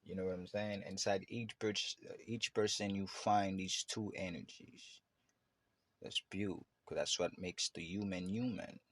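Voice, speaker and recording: A man's voice: sits low, fairly even intonation, unhurried. A man hosting a podcast, talking in a loose, rambling way with many fillers and restarts. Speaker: podcast host. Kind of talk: casual reflective monologue.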